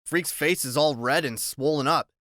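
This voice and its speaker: A man's voice: on the high side, moderate pace, sharp tone, no echo, studio quality. A man narrating an audiobook in the first person, in a plain, conversational storytelling manner.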